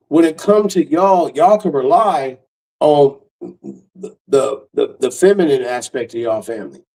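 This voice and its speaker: A middle-aged man doing stand-up comedy, telling stories in a brash, profane way with big swings in pitch. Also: unhurried, creaky, warm tone, recorded from a distance.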